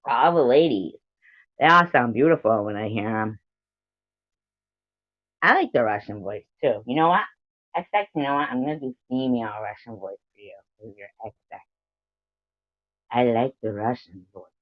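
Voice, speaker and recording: A woman's voice: extremely low pitch, lively intonation, normal speed, long pauses, no room sound. An American woman hosting a casual livestream, rambling and giggly as she reads out viewer comments. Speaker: livestream host. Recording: dull lo-fi stream audio.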